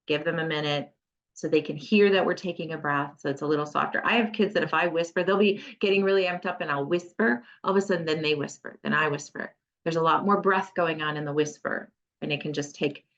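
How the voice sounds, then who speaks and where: Woman therapist explaining with practical warmth. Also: on the low side. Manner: conversational, practical, with playful acted asides to children. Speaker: occupational therapist. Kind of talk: presenting a parent education webinar. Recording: slightly muffled lo-fi audio.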